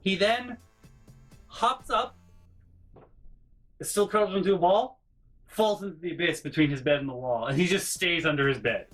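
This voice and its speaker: A young man vlogging college dorm stories in an animated way, acting out voices and sound effects and swearing casually. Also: high-pitched, normal speed, long pauses, soft background music. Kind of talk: casual storytelling vlog.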